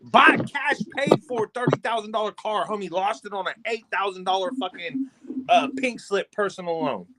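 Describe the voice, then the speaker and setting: Podcast co-host, man, high voice, profane storyteller who acts out quotes. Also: normal speed, pushed and bright, a little hiss or hum. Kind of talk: casual storytelling among friends.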